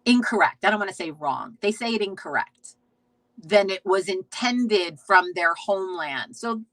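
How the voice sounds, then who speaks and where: A woman with a bright, forceful voice hosts a casual live stream. She rambles from thought to thought, swears freely and keeps restarting her sentences. The sound is dry and close. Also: mid-range voice, expressive, moderate pace, no echo, rough recording. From United States. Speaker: host of a witchcraft talk stream. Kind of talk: casual live-stream chat, reading viewer comments.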